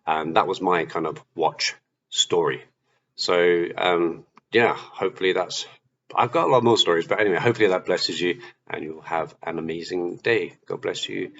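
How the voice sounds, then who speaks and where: Animated and deep-voiced, this male Christian vlogger recounts his testimony at a moderate pace, performing his own past dialogue along the way. The recording sounds slightly dull and carries faint hiss.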